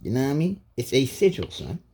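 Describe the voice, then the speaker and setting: A man vlogging in a casual, emphatic rant full of street slang, with a husky voice. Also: mid-range voice, sing-song, quick pace, mellow. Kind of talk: casual monologue.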